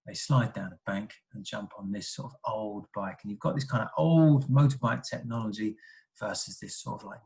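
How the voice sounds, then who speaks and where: A man's voice: mid-range voice, vocal fry, darkish tone, low-quality recording. A man teaching a writing lesson to primary school children. He thinks aloud and keeps adding tag questions. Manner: asks many tag questions like "isn't it?"; thinks aloud with frequent ums and self-corrections.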